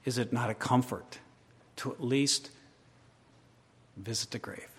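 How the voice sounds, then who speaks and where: A male preacher delivering a sermon, moving from hushed storytelling to loud, impassioned crescendos. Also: mid-range voice, unhurried. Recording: long hall reverb.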